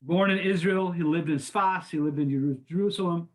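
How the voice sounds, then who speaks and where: A man's voice: on the high side, brisk. An older man teaching a class, lecturing in an informal way with frequent restarts and repeated words. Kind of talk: conversational lecture.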